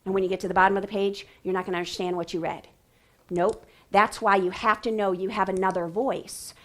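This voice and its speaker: A woman giving a lively teacher training talk on reading, acting out classroom voices and dropping into whispered asides. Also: medium pitch, fairly quick. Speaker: literacy trainer.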